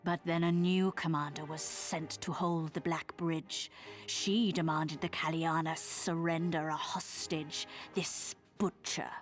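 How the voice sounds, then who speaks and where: A woman's voice: low voice, fairly even intonation, unhurried, faint music behind. A woman voicing a proud, stern tribal woman of a serpent folk in a video game, speaking in a formal, old-fashioned way. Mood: grave. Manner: formal, archaic and scornful.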